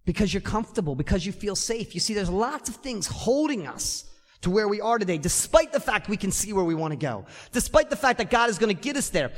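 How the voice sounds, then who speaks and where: A man preaching a sermon as pastor in a church, emphatic and repeating key phrases. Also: high voice. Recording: long reverb of a church hall.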